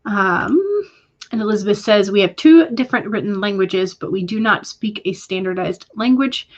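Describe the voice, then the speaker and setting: A woman hosting a relaxed writing stream reads her viewers' comments aloud and chats back, pausing often with small fillers. Her pitch sits in the middle, and the sound is slightly dull, like a home streaming setup. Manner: hesitant, with frequent fillers. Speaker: livestream host reading chat. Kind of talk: casual livestream chat.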